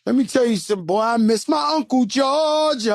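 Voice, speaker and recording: A man's voice: very high-pitched, moderate pace, vocal fry, background noise. A man in a played clip, joking and half rapping in a playful, sing-song way. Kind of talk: joking hip-hop clip, half rapped.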